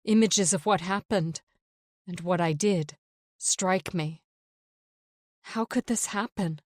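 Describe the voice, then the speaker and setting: A woman narrating a first-person psychological thriller audiobook in a measured, tense read. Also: on the low side, dry recording, studio quality.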